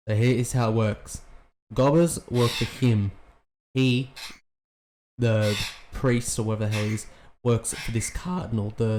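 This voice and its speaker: Excitable swearing man reacting to a show. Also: on the low side, a little hiss or hum. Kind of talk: casual reaction commentary.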